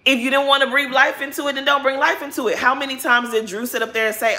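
In a casual reality-TV recap vlog, a woman delivers blunt, opinionated commentary, swearing freely and speaking directly to the cast members she's discussing. She's emphatic and repetitive, with a high voice, a steady, sharp tone, and a fast pace with few pauses.

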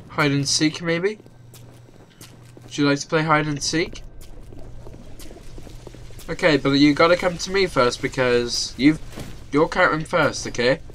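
A man's voice: fairly high pitch, bright, forceful tone, slight background noise. A man commentating his video game play, swearing and taunting enemies. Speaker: gamer. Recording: game music behind. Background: game music and sounds.

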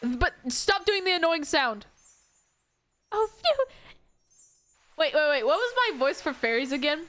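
A woman's voice: high-pitched, lively intonation, brisk, fairly bright tone. A young woman giving live, playful commentary while playing a video game, giggling often and poking fun at herself. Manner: giggly, playful, self-mocking. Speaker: streamer.

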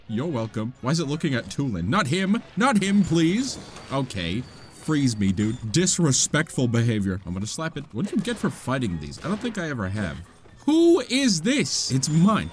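Lively goofy young man gaming. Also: moderate pace, faint music behind. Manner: goofy, self-mocking, jumps between loud yelps and low mutters. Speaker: gaming YouTuber. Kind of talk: casual Let's Play commentary.

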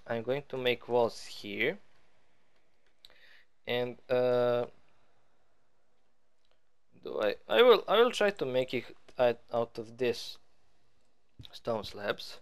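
Male gaming host, unhurried and clear, chatty and playful, pokes fun at himself while he builds. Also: medium pitch, expressive. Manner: rambling, playful, self-mocking. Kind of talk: casual let's-play commentary.

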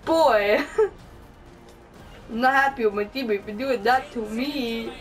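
A gaming channel host, a young woman, gives casual gameplay commentary, giggling often and swearing at her own plays. Her voice is fairly high and unhurried. The rough recording has a distant mic and faint music in the background.

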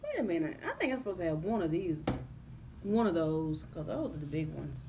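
A woman's voice: fairly low pitch, big pitch swings, brisk, background noise. A young woman vlogging casually to camera, groaning and gagging with exaggerated disgust. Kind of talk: casual vlog chat to camera.

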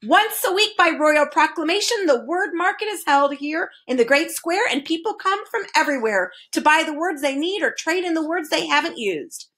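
A woman's voice: sits high, animated, normal speed, few pauses, fairly bright tone, pitched above the performer's own voice. A woman voicing a chorus of pompous, fussy royal advisors who reel off grand word lists.

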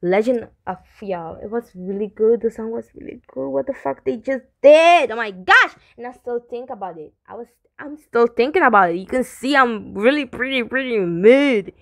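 A young woman vlogging in a casual rant, animated and exclaiming, with lots of fillers and the odd swear. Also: on the high side, moderate pace, hardly any pauses, dry recording. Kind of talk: casual ranting vlog.

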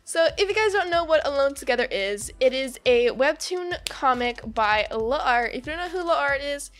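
A woman's voice: sits high, lively intonation, moderate pace, soft background music. A woman hosting her own channel in casual vlog chat, bubbly and gushing as she reacts to a webcomic, with giggles and restarts. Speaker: YouTuber host.

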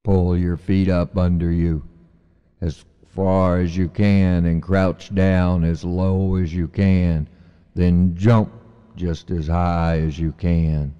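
Man playing a calm, wise old frog. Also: deep voice, smooth, highs cut off. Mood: instructing. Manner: slow, calm and patient. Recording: long hall reverb.

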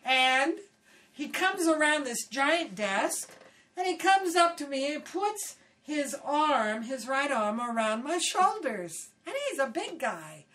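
An older woman from Hawaii, casually telling animated stories in an interview and acting out quoted voices. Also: high voice, slow pace. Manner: animated, acts out quotes loudly, laughs often. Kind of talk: casual storytelling. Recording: voice somewhat distant from the mic.

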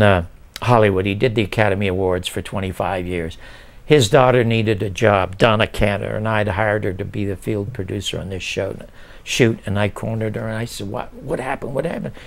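An older man with a gravelly, rough-edged voice settles into a relaxed interview and tells long stories from his career. He is lively and animated, and slips into the voices of the people in his tale. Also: on the low side. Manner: animated, acts out past conversations. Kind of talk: casual storytelling interview.

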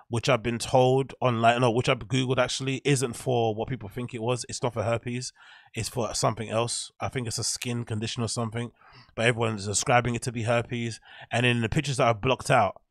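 A man's voice: mid-range voice, creaky, no echo, clean studio sound. A man hosting a podcast, giving rambling, blunt commentary while clicking through pictures. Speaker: podcast host. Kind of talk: casual commentary on a screen grid.

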